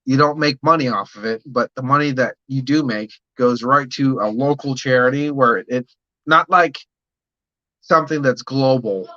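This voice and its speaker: A man's voice: medium pitch, moderate pace, pushed and bright, no room sound, muffled recording. A man hosting a casual livestream, rambling and swearing freely while he chats about his brewing plans and answers viewer comments. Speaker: livestream host, home brewer.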